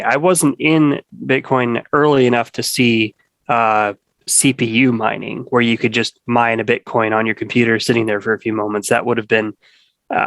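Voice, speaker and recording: As a podcast guest, a man with a medium-pitched, fairly bright voice talks casually and loosely. He rambles, uses plenty of fillers, and frequently restarts his thoughts. The audio is dry and close without room echo.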